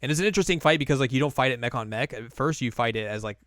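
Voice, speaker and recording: Smooth-voiced man rambling through a recap. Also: medium pitch, rapid-fire, a bit bright, no echo, clean studio sound. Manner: rambling, filler-heavy recap. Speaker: podcast co-host. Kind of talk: casual chat.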